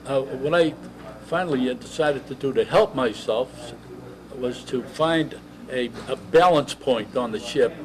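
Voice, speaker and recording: A man in his eighties, a veteran, telling his service story in an oral history interview, halting and reminiscing. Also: medium pitch, a little mellow, poor audio. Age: 80s.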